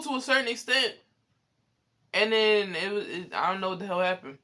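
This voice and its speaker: A young man telling a story in a casual, animated, profane way, exasperated and often laughing. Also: sits high, brisk. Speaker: vlogger.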